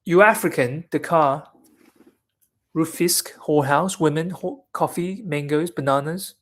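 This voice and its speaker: A man reading aloud and briefly voicing an abusive old male drunk who hurls slow, sneering insults. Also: a little high, close to an everyday voice. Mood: taunting.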